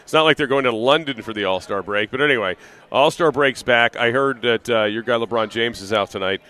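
A man's voice: mid-range voice, brisk, pushed and bright. Rambling man hosting live sports radio. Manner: conversational, rambling with fillers and restarts. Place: live broadcast from an arena.

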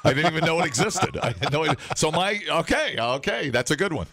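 A man's voice: fairly high pitch, big pitch swings, quick pace, creaky, sharp tone, dry recording. A man hosting a morning radio show, rambling and joking with plenty of fillers.

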